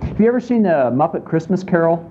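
A man's voice: on the high side, expressive, quick pace, dark tone, dull audio, slight background noise. A man preaching a sermon in a conversational way, often asking his listeners questions. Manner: conversational, asks the congregation questions. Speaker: pastor.

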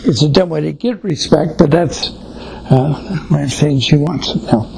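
A man's voice: a little high, measured pace, creaky, crowd noise, rough recording. An older man giving an informal, folksy sermon on family life, telling anecdotes. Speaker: Christian speaker on family life.

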